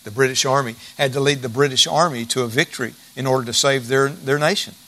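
A man's voice: mid-range voice, fairly even intonation, quick pace, sharp tone. A middle-aged male pastor preaching a sermon in a folksy, emphatic way, repeating key phrases.

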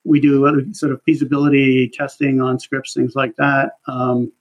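A man working in market research, telling career stories in a relaxed interview, chatty and full of fillers. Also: medium pitch, normal speed. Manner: chatty, animated storytelling with laughs and many fillers. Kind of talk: casual interview conversation. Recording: dull lo-fi audio.

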